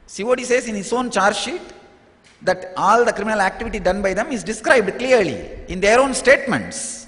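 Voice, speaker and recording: A man's voice: high-pitched, expressive, a little fast, a bit bright. A man speaking at a press conference, insistent and firing off rhetorical questions. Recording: reverberant press hall.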